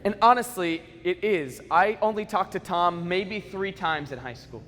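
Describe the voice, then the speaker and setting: Bright-voiced young man speaking to a hall. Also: high-pitched, a little slow, a little hiss or hum. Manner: animated, conversational storytelling with comic asides. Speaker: motivational speaker. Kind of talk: school assembly keynote storytelling. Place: school gym assembly. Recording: echoey school hall reverb.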